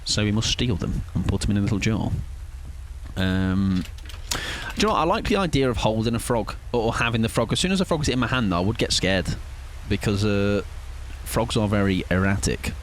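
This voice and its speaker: A man's voice: on the low side, lively intonation, a little fast, slight background noise. A man chatting casually with viewers while streaming a game, playful and rambling, chuckling often. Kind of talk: casual live-stream chat while gaming.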